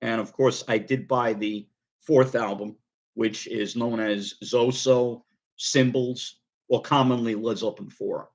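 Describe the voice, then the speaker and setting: A man's voice: medium pitch, steady tone, a little slow. A middle-aged man from the United States chatting casually about a record album, rambling with frequent ums and restarts. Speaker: record collector vlogger.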